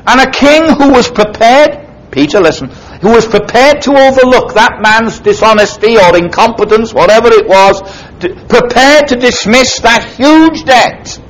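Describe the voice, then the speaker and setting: A preacher with lively intonation and normal speed recounts a parable in an expository sermon, dramatic and emphatic, his pitch swinging widely despite the poor audio.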